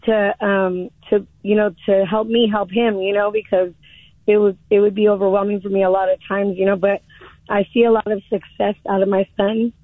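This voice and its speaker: A woman calling in to a radio show, emotional and halting, with many restarts. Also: medium pitch, level tone, dry recording. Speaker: caller. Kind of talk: call-in radio chat. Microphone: phone. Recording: tinny phone line.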